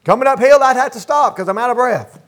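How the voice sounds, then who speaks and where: Older male pastor, unusually high voice, folksy emphatic sermon delivery with call-and-response. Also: quick pace, fairly bright tone. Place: church sanctuary.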